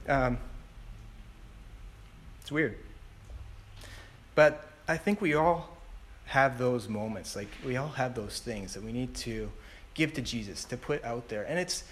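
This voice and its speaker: A man's voice: medium pitch, slow, pauses often, a bit bright, a little hiss or hum. Man telling a rambling personal story. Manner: rambling, with many fillers and restarts. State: tearful. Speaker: speaker sharing a testimony. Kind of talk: personal testimony talk.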